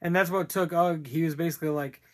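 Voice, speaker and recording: A man's voice: a little high, steady tone, fast talker. A man co-hosting a casual podcast, rambling through a movie recap with laughs and crude jokes. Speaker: podcast co-host. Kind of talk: casual movie discussion chat.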